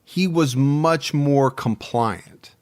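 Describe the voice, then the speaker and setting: A man's voice: a little high, drawn-out words, a little mellow. A man co-hosting a podcast in easygoing, teasing casual chat. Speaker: podcast co-host.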